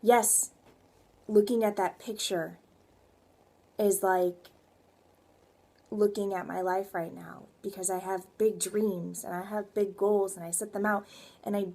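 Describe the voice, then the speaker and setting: A woman's voice: medium pitch, fairly even intonation, a little slow, creaky, pauses often, dark tone. A young woman fitness coach giving a rambling, emphatic motivational talk to her viewers. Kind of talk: motivational vlog.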